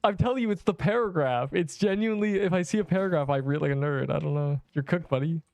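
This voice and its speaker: A man's voice: a little high, quick pace, vocal fry, darkish tone, no room sound. A man in his twenties livestreaming a game, chatting casually and rambling as he reads chat messages aloud.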